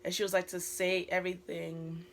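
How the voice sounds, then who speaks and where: A woman's voice: lowish voice, level tone, normal speed, slight background noise. A teenage girl with a British accent, telling a casual storytime vlog in a rambling way full of filler words. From Britain. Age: teens. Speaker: vlogger.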